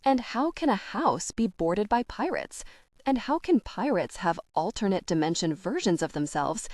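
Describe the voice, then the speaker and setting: A woman's voice: mid-range voice, expressive, moderate pace, darkish tone, no room sound, clean studio sound, lightly acted. A woman voicing a curious, impulsive young woman with a wry, incredulous way of talking.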